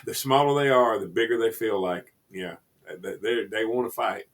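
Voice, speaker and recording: A man co-hosting a radio show in casual chat, animated and repeating words as he exclaims. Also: fairly low pitch, moderate pace. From United States. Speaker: radio co-host.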